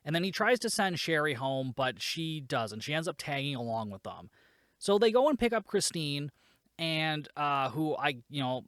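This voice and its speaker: A man's voice: medium pitch, a bit bright, no room sound, clean studio sound. A man hosting a podcast, recapping a film in a casual, rambling way, exasperated and swearing, with lots of fillers. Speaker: podcast host.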